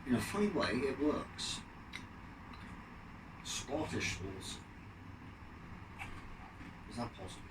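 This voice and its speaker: A man's voice: medium pitch, big pitch swings, slow, long pauses, far from the mic, heavy background noise. A man in casual chat, telling stories with eager enthusiasm. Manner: chatty, enthusiastic storyteller.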